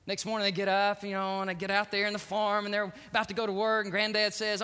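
A male pastor preaching a sermon, an animated storyteller who grows hushed in solemn moments. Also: sits high, quick pace, few pauses, smooth, long reverb tail.

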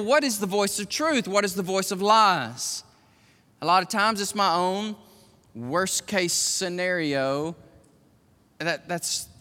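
A pastor in his fifties preaches a sermon, telling animated stories, acting out the voices in them and laughing often. His voice sits high, with a big-room sound.

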